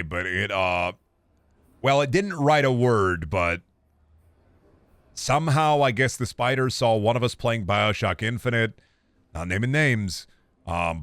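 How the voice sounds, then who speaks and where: A young man streams a game from home, rambling and swearing to himself into a desk mic set close by. His voice sits on the low side with a fairly bright tone, and there's no echo. It's casual gaming stream commentary.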